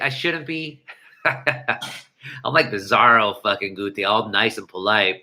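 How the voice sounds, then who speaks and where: A man hosts a casual livestream, reading viewer comments and riffing at length. His voice is strikingly bright and forward. He swears freely and wanders through restarts and asides. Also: a little high. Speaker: livestream host.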